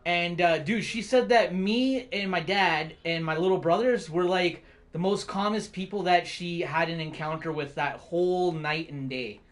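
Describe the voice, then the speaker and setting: High-voiced young man, swearing streamer. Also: moderate pace, few pauses. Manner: rambling, heavy swearing, laughs often. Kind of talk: casual storytelling chat.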